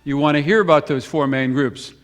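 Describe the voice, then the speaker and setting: A man preaching a sermon to his congregation, telling gospel stories with quick emphatic runs and sudden slow, hushed lines. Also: on the high side. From United States. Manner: storytelling preacher, swings between brisk emphatic runs and slow hushed phrases; repeats words for emphasis, addresses the congregation directly. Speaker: pastor. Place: church sanctuary.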